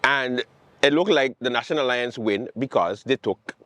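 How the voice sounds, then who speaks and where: A man hosting a late-night comedy show, ranting about politics in a sarcastic, animated way. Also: mid-range voice, normal speed, no echo. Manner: animated, sarcastic, mocking quotes and repetition. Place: outdoors with planes overhead.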